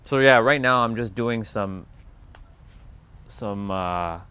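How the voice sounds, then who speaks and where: A man hosting a casual livestream, relaxed and easygoing as he answers chat comments one by one. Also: lowish voice, clear, resonant tone. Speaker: livestream host.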